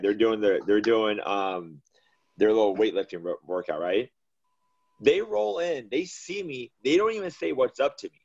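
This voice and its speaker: Low-voiced man coach on a dull line. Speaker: youth coach. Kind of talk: casual chat on a podcast.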